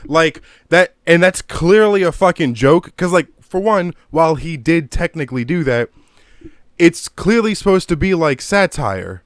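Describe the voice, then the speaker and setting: Male creator doing a home-mic rant review. Smooth, resonant voice, dry close sound, profane and rambling. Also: fairly high pitch, animated, unhurried, dry recording. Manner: profane, rambling, gets worked up. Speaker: video creator reviewing a movie. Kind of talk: casual ranting commentary. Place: home room. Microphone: own desk mic.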